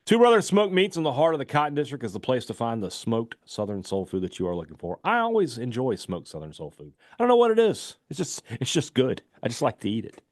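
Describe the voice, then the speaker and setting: A man's voice: medium pitch, huge pitch swings, quick pace, few pauses, no room sound, clean studio sound. A man hosting a sports talk radio show, reading sponsor ads in a loose, chatty way full of fillers. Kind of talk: casual radio talk with live ad reads.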